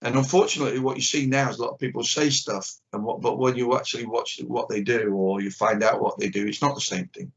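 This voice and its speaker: A man's voice: mid-range voice, steady tone, fast, gravelly, hardly any pauses. An older man, a karate teacher, speaking bluntly and with strong opinions as an interview guest on a video call. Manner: blunt and opinionated, acts out little exchanges. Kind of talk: candid conversation. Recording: dull lo-fi video call audio.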